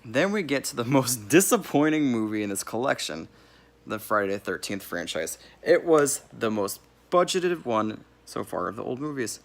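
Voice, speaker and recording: A man's voice: mid-range voice, very animated, moderate pace, vocal fry. A man giving a casual, rambling movie review, correcting himself as he goes and laughing here and there. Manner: laughs now and then while talking.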